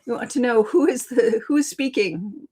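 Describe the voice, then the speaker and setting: A woman's voice: a little high, expressive, moderate pace, dark tone, slightly rough, low-quality recording. A woman hosting a live video stream, teaching writing in a casual, chatty way and talking to viewers in the chat. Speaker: writing coach and live show host.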